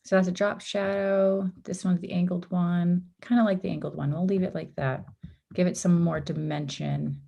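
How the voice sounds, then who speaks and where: A woman's voice: on the low side, flat delivery, moderate pace, gravelly, warm tone. A woman leading a live online design workshop, walking through steps casually while losing her voice. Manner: casual, step-by-step, with frequent ums and oopses. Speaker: workshop instructor. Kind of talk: live screen-share design tutorial.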